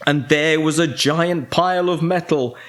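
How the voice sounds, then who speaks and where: A father reading a children's bedtime story aloud in an expressive storytelling manner. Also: fairly high pitch, measured pace.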